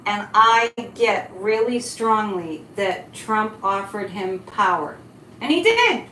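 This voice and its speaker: A woman's voice: medium pitch, expressive, slow pace, sharp tone. A woman hosting a psychic live stream, chatting casually and animatedly, answering chat comments as she goes. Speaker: psychic livestream host. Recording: echoey room with faint noise.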